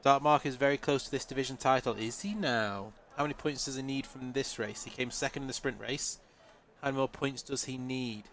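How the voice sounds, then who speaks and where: Nasal, congested race commentator. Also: male voice, medium pitch, fairly quick, hardly any pauses, fairly bright tone. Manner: chatty, answers live chat, laughs often. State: congested with a head cold. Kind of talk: live sim-racing commentary.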